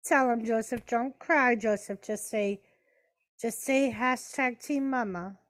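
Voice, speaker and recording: The woman hosting this relaxed watch-party stream takes it slowly, her voice a little high. She banters with chat, calls the action and turns to talk to her pets.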